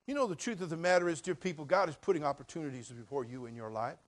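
An older man preaching a folksy sermon as pastor, swinging between quiet asides and loud emphatic lines. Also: fairly high pitch, fast talker. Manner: folksy, jokey, addresses crowd as brother.

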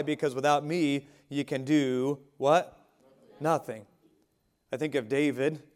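A male pastor delivering a sermon in a slightly higher-pitched voice. He drops to soft, low asides, then lifts into loud, ringing exclamations. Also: smooth. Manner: preaching with swings between soft asides and raised exclamations.

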